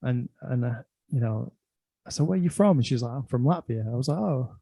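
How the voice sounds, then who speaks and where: A man's voice: medium pitch, fairly quick, gravelly, mellow, breathy edge, dry recording. A middle-aged man telling a long, rambling personal story in casual chat, laughing often and filling gaps with "like" and "um".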